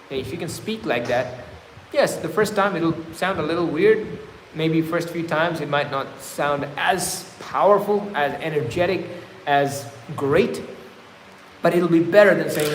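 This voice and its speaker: A man's voice: a little high, lively intonation, unhurried, slight background noise. A man hosting a live stream, earnestly coaching viewers with repeated affirmations. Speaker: livestream host. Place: travelling, indoors. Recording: echoey room, faint ambience.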